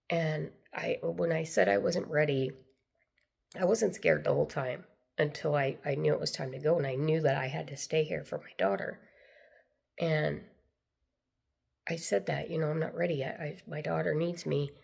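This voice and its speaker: Older woman, deep gravelly voice. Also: a little mellow. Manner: earnest, meandering, repeats herself. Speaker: spiritual storyteller. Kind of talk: personal storytelling to camera.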